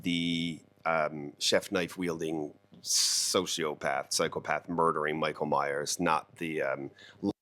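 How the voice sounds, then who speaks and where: A man with a very low, deep voice talks casually to the camera as the host of a real estate show. He rambles and jokes, stops himself mid-thought, and restarts his sentences. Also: level tone, takes it slowly, pushed and bright. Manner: rambling, joking, self-interrupting.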